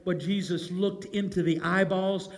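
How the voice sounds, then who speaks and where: High-voiced preacher in an echoing hall. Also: male voice, unhurried, creaky. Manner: animated storytelling, swings from loud to hushed. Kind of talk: sermon. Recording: long hall reverb.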